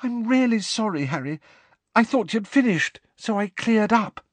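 A man's voice: high-pitched, lively intonation, measured pace, no room sound, pitched above the performer's own voice. A man doing a frantic, bossy schoolgirl. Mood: apologetic. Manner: urgent, hissing under the breath. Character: anxious bossy teenage schoolgirl.

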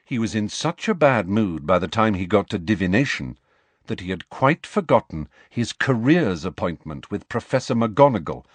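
A man reading a novel aloud as an expressive audiobook narrator. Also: moderate pace, no echo. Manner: expressive storytelling with wide pitch swings. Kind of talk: scripted narration.

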